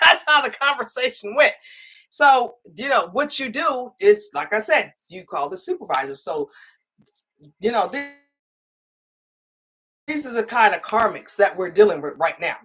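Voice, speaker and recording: A woman, hosting a casual livestream as a spiritual reader, talking in an animated storytelling way, acting out other people's lines and tagging sentences with "okay?". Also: a little high, low-quality recording. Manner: chatty, animated storytelling with frequent laughs and "okay?" tags; acts out others' lines in quoted voices. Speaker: spiritual reader and channel host.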